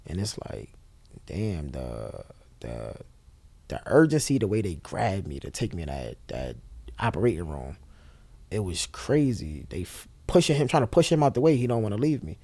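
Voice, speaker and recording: Animated New man telling a story. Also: low-pitched, moderate pace, gravelly, husky, dry recording. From Brooklyn, New York. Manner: animated, acts out the voices of others as he retells. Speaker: guest. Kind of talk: emotional storytelling.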